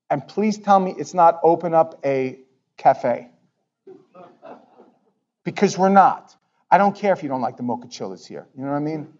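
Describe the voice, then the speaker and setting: Pastor, male, high-pitched, loose chatty sermon delivery, dull lo-fi recording. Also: moderate pace, long pauses. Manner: conversational, animated, repeats words. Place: church sanctuary.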